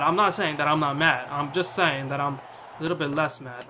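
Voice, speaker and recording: A man's voice: fairly high pitch, a little fast, noisy background. A man giving casual commentary as he plays a cricket video game, bantering, swearing and talking to his player on screen.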